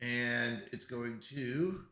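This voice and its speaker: A man's voice: mid-range voice, drawn-out words, sharp tone, reverberant, a little hiss or hum. A man live-streaming in casual chat, flustered and apologetic as he talks himself through technical trouble.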